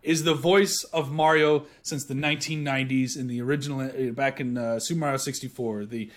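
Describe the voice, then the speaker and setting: A man co-hosting a casual podcast chat, joking, swearing and talking with animated energy. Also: mid-range voice, fairly quick. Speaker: podcast co-host.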